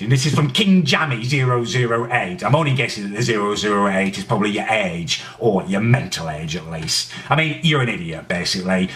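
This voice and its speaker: An actor plays a self-pitying young vlogger with a British accent, forever ranting about his grievances and asking "right?". His voice is bright and a little husky, and it leaps up and drops down in wide, lively swings. He sounds aggrieved and whiny throughout. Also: mid-range voice. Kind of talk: ranting comedy character vlog.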